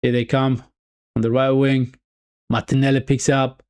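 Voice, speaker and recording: A man does chatty live commentary for a football watch-along stream, repeating his phrases and addressing viewers as "people" while he swings between excitement and deflation. His voice is mid-range and smooth, at a normal speed.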